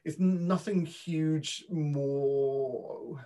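A man's voice: on the high side, steady tone, drawn-out words, dark tone. A British man, a dialect coach, telling anecdotes in a conversational interview, modest and full of restarts.

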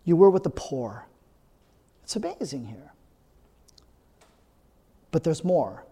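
In a large hall, a pastor speaks slowly in a sing-song way, his voice on the high side yet dark and husky. He keeps the sermon chatty, often tagging lines with "right?", and earnestly works up to forceful repetition.

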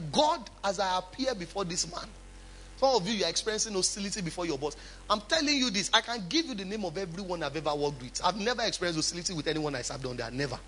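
A man's voice: sits high, bright, forceful tone. A male pastor preaching a sermon, with emphatic swings and chatty asides to the congregation.

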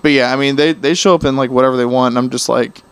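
A man's voice: medium pitch, fast talker, clear, resonant tone, no echo. A man co-hosting a podcast, rambling through casual stories and acting out quoted people. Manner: rambling, animated storytelling with quoted voices. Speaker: podcast co-host. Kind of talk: casual chat.

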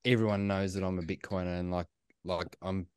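A man's voice: deep voice, flat delivery, brisk, clean tone, dry recording. An Australian man in a casual podcast chat, candid and jokey, swearing freely.

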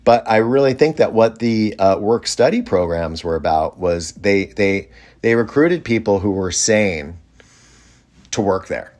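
A man telling a rambling story in a casual way, with many fillers and lively quoted voices. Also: fairly low pitch, measured pace.

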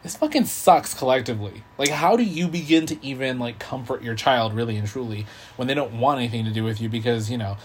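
A man's voice: medium pitch, fast, slight background noise. Profane, joking male podcast co-host. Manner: animated, profane, jokey. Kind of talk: casual chat.

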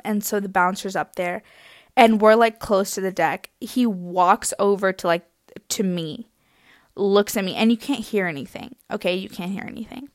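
Animated young woman telling a comic story. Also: mid-range voice, no echo, clean studio sound. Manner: animated, exaggerated, laughing through lines. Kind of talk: comic anecdote.

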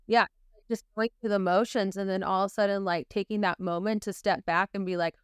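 A woman hosting a podcast, chatting casually, agreeing quickly and laughing along with her guest. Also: mid-range voice, fairly even intonation, smooth, no echo, studio quality. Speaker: podcast host. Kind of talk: casual interview chat.

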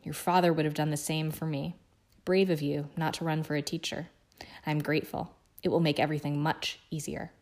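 A woman reading aloud voices a gaunt, grinning male convict with a hoarse voice rusty from disuse, low and quietly menacing. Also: flat delivery, a little fast, lightly acted.

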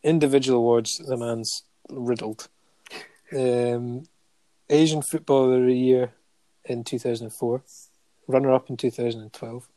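A man's voice: medium pitch, little pitch movement, moderate pace, warm tone, dry recording. A man in casual podcast chat, reading out a long list of honours with frequent ums and light chuckles. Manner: listing facts steadily with many ums and chuckles.

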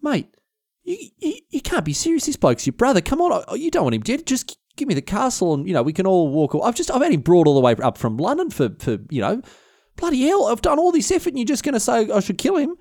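A man's voice: high-pitched, wildly swooping pitch, quick pace, darkish tone, dry recording, studio quality, voice pushed up, exaggerated voice. A man voicing a blustering, frustrated earl, spluttering and stammering in disbelief. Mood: flustered, disbelieving.

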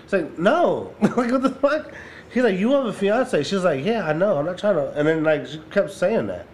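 A man's voice: sits high, very animated, normal speed, a little hiss or hum. A man co-hosting a podcast, telling rambling stories in casual, profane slang. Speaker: podcast co-host. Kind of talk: casual chat.

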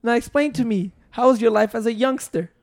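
A man's voice: very high-pitched, a little fast. A young man on a podcast, teasing and arguing with his friends and swearing a lot. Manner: teasing, profane, argumentative. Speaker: podcast co-host. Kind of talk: casual chat.

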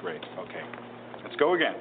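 An actor playing a hesitant, coaxing film director in a comedy film. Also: male voice, deep voice, sing-song, a little fast. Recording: tinny phone-line film audio with hiss.

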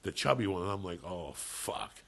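A man with a low, husky, gravelly voice spins a rambling story on a podcast. He talks casually, swears freely, and keeps the tale rolling in an animated way. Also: moderate pace. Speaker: podcast co-host.

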